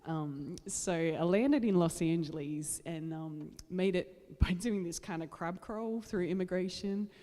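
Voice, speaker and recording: A woman's voice: lowish voice, measured pace, hardly any pauses, mellow, long reverb tail. An Australian woman telling a story from the stage at a concert, casual and self-deprecating, with plenty of ums and small laughs. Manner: chatty, self-deprecating, many fillers. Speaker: singer-songwriter. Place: large church.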